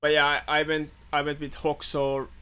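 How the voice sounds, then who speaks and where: A man's voice: on the high side, monotone, moderate pace, pushed and bright, a little hiss or hum. A man co-hosting a podcast, chatting casually and enthusiastically about movies, laughing often. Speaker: podcast co-host. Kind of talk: casual chat.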